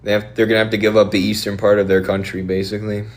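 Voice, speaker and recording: A man streaming and answering viewer questions in a quick, offhand, opinionated way. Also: lowish voice, little pitch movement.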